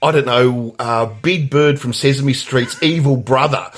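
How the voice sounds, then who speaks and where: A man's voice: medium pitch, unhurried. A man co-hosting a casual movie podcast, rambling through his points with many fillers and restarts. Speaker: podcast co-host. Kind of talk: casual movie review chat.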